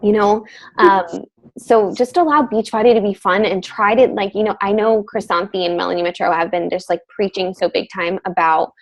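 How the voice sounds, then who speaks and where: A woman's voice: medium pitch, steady tone, normal speed, rough recording. Gushing upbeat woman coach. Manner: gushing, upbeat, filler-heavy. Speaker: fitness team coach. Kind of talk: casual group video call.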